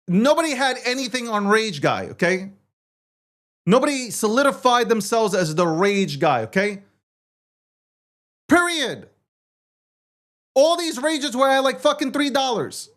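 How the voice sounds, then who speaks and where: A talk show host with an extremely high, slightly bright voice reads social media posts aloud and fires back at them. His delivery is a heated, profane, combative rant.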